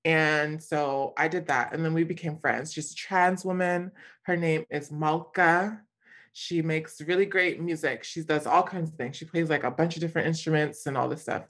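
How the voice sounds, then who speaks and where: A woman from California telling a story in a casual, animated way, full of slang and frequent laughter. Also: deep voice, normal speed. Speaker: guest.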